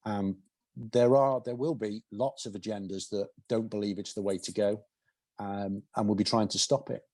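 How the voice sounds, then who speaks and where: A man's voice: lowish voice, fairly even intonation, a little mellow, no echo. A man in his fifties with an English accent, answering questions at a college talk in a thoughtful way, often restarting his sentences. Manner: thoughtful, halting restarts, plain-spoken analogies. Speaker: invited guest, cycling commissioner. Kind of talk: conversational Q&A answers. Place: college event hall.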